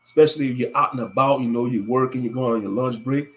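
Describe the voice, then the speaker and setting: A man's voice: medium pitch, fast talker, a bit bright, a little hiss or hum. A man hosting a casual livestream, ranting animatedly with plenty of cursing. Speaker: livestream host.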